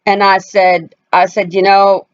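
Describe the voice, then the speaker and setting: With a smooth, medium-pitched voice that barely moves in pitch and runs a little slow, a female family vlogger talks directly to her viewers about something personal. She's casual and forceful in making her points, voicing the people she quotes, over somewhat dull, lo-fi audio.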